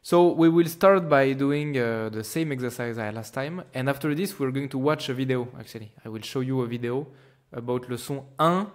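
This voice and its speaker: A man's voice: mid-range voice, fairly quick. A man teaching pronunciation, patiently exaggerating each sound for the learner. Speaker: language teacher. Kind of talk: pronunciation lesson.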